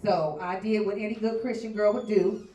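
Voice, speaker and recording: Loud brash lady comic telling stories on stage, echoey bar sound, kinda far from the mic. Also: medium pitch, steady tone, moderate pace. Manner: brash, loud storytelling with big swings in volume. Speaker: stand-up comedian. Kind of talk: stand-up set. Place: bar comedy stage before a live crowd. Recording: echoey bar room recorded from afar.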